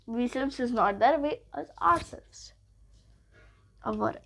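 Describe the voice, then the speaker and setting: High-voiced Indian English grammar teacher. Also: female voice, vocal fry, fairly bright tone. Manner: explains slowly and repeats, slips into Hindi. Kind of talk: classroom grammar lesson.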